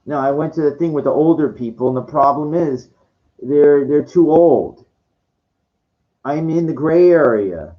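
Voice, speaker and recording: Here a forties-aged man speaks with a slightly high voice, lively intonation and a measured pace, delivering a rambling personal rant. He stammers and restarts often, swears a lot and bursts out in exasperation. The recording is dull and lo-fi.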